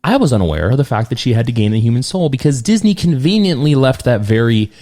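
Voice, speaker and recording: A man co-hosting a casual podcast chat, leading the topics in a relaxed, rambling way. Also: mid-range voice, fast talker. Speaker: podcast co-host leading the episode.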